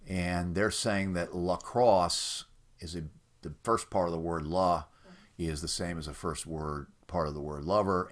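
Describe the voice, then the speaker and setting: A man walking through websites in an unscripted screen-recorded demo, explaining in a mildly skeptical tone and filling pauses with "uh". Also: low-pitched. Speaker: website presenter for a rhyming site. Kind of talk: casual screen-recorded walkthrough.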